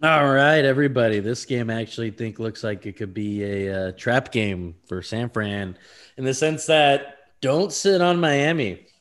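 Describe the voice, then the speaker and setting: A man co-hosting a casual sports podcast, rambling through his analysis with quick laughs and stumbling over names. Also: medium pitch, a bit bright. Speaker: podcast co-host.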